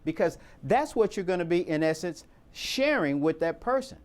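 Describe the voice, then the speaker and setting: A man's voice: sits high, animated, normal speed. A man giving an emphatic training talk to volunteers, firing off rhetorical questions and repeating his key points.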